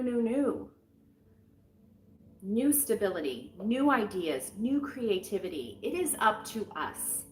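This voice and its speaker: A middle-aged woman giving a casual weekly tarot reading in a frank, encouraging and rambling way, with plenty of fillers. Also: mid-range voice. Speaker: tarot reader. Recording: roomy with faint music behind.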